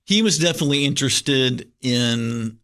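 A middle-aged man with a soft drawl and a bright, forward tone. He talks as a guest pastor in a relaxed interview. He winds through an anecdote with plenty of fillers and false starts. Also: mid-range voice, normal speed. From Kentucky, USA. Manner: rambling, animated storyteller with many fillers and restarts. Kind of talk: casual storytelling interview.

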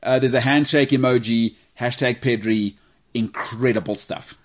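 A South African man hosting a casual football podcast, animated and joking as he tells stories. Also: mid-range voice, normal speed. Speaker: podcast host.

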